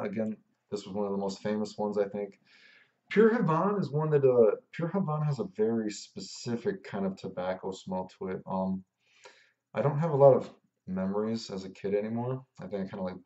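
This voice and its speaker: Mellow low-voiced man reviewing casually. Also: highs cut off. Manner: rambling, laid-back and descriptive. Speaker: fragrance reviewer.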